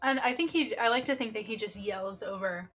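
Playful woman podcaster, fairly high voice. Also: a little fast, a bit bright. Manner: playful, jokey asides. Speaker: podcast co-host. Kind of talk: casual book-club chat.

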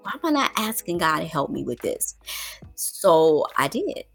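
A middle-aged woman telling a story to her viewers in casual, colloquial talk, calling them y'all and getting loud when excited. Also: low voice, normal speed, creaky, faint music behind. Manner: animated, with loud exclamations and laughs. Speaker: vlogger.

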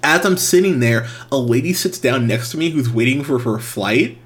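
A young man casually telling a long, exasperated anecdote, animated and breaking into laughs. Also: medium pitch, moderate pace. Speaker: storyteller.

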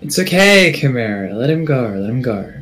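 A player voicing a calm, seductive male protector who talks in a soft, coaxing way. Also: medium pitch, moderate pace, over music, close to an everyday voice.

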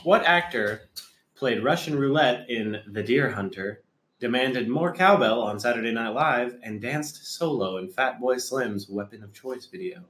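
A man reading out quiz questions on a podcast with a teasing, lively delivery. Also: medium pitch, unhurried. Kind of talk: casual podcast chat. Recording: echoey room.

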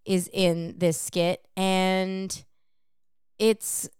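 A woman talking casually on a podcast, blunt and freely swearing as she lays out her point at length. Her voice is smooth and resonant, and the sound is close and dry with no room echo. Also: medium pitch, flat delivery, drawn-out words, darkish tone. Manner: frank and profane, explaining at length. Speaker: podcast co-host. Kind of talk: casual chat.

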